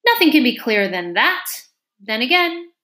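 Lady putting on a pompous old king, fussy and pleased w himself, bouncy pitch. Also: sing-song, normal speed, bright, forceful tone, exaggerated voice. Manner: bustling, self-satisfied.

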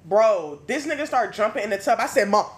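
A man hosting a podcast, telling stories in a casual, animated, profane way. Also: high voice, brisk, slight background noise. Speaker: podcast host. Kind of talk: casual chat.

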